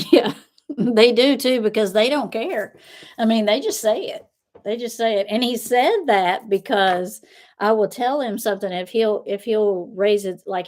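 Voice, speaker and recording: A woman's voice: mid-range voice, darkish tone. Chatty middle-aged woman telling stories. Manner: rambling storytelling, laughing often. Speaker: tarot reader and host. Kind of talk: casual livestream chat.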